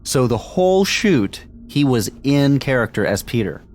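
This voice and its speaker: A man co-hosting a casual film podcast, chatty and quick to laugh while he recaps the plot. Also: mid-range voice, very animated, darkish tone. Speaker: podcast co-host.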